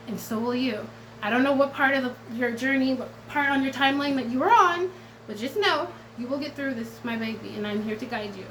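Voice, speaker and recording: A woman's voice: high voice, bright, forceful tone, a little hiss or hum, poor audio. A woman tarot reader talking straight to her viewers in a casual vlog, blunt and profane, swinging between defiance and tenderness and close to tears at times.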